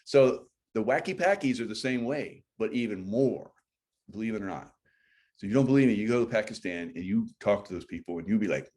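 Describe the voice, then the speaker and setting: A man's voice: on the low side, lively intonation, fast, a little mellow. Chatty, rambling man on a livestream. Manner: rambling, chatty, self-interrupting. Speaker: livestream host. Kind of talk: casual livestream chat. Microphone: phone or computer mic.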